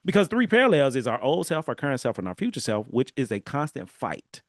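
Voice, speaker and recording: Speaking a little fast in a mid-range voice, a man hosts a casual solo podcast, with clean studio sound and no room noise. He's from Southern California and tells animated stories, laughing and addressing listeners directly.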